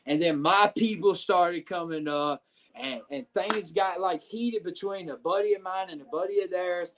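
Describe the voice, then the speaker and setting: A man's voice: sits high, moderate pace. Profane man telling a story. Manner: profane, animated retelling with lots of filler phrases. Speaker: podcast guest. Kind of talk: casual storytelling.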